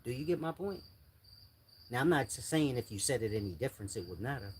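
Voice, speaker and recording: A man's voice: mid-range voice, animated, a little fast. An older man, speaking bluntly in street slang to his viewers in a casual monologue. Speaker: channel host giving advice. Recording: faint insect and cricket noise. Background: crickets and insects faintly.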